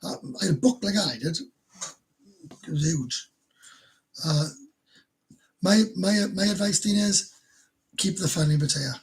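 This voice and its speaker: Husky Welsh man chatting to viewers. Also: high voice, unhurried, pauses often. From Wales. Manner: rambling, swears freely, stumbles and repeats words. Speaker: livestream host. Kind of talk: casual livestream chat answering viewers.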